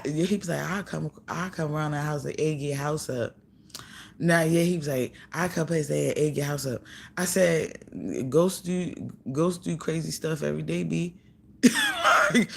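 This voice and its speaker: Gravelly and low-pitched, a woman vlogger retells a story in a profane, giggly rant, bringing it to life by imitating other people's dialogue.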